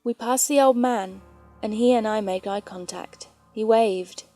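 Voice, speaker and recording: Mellow woman reading scary stories. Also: fairly high pitch. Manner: calm, measured storytelling. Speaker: horror story narrator. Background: faint background music.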